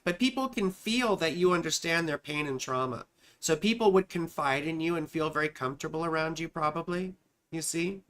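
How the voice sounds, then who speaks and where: Chatty and affectionate, this woman astrologer reads her live-stream viewers' charts, addressing them as sweetheart and darling and musing aloud as she looks charts up. Her voice sits low and sounds a bit bright.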